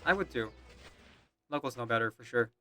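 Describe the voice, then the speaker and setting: A man's voice: medium pitch, expressive, a little fast, pushed and bright, faint music behind. A man streaming, reading and voicing a game's story with chatty asides.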